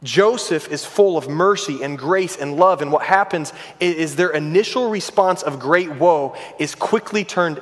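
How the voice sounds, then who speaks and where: Slow, earnest preaching man in echoing church. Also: a little high. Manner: earnest, emphatic preaching with rising intensity on repeated phrases. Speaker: pastor. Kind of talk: sermon. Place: church sanctuary. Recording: long reverb of a large church hall.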